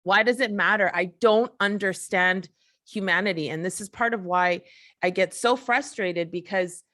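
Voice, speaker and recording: A woman's voice: medium pitch, moderate pace, a bit bright. Impassioned woman, swearing and questioning. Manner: impassioned, frequent swearing, restarts and rhetorical questions. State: emotional. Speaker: podcast host. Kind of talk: emotional solo monologue.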